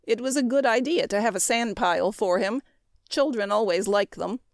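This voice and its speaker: A woman narrating a classic story in a measured, expressive reading. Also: a little high, no echo, clean studio sound. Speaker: audiobook narrator.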